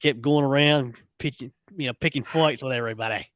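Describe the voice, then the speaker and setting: Dry-voiced man giving halting movie opinions. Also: medium pitch, fairly bright tone, no room sound. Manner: halting, many restarts, emphatic opinions. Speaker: podcast co-host, film reviewer. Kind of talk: casual chat.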